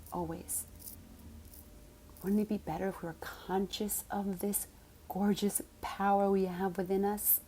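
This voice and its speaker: Woman coach, low mellow voice, animated storytelling with soft whispered asides, faint noise behind. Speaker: spiritual coach. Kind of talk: casual monologue.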